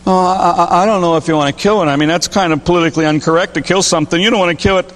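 A man's voice: high voice, a bit bright, in a large hall. A male preacher voicing a frantic, tormented man who stammers and pleads in a hurry. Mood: flustered pleading. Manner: flustered, hurried, stammering pleading. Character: frantic tormented man clinging to his vice. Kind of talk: acted quote within a sermon.

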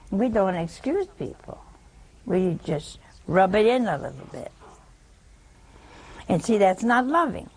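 A woman's voice: lowish voice, lively intonation, a little slow, vocal fry, pauses often, darkish tone, husky, rough recording. A woman preaching a sermon in a folksy, teasing way, often asking her listeners questions.

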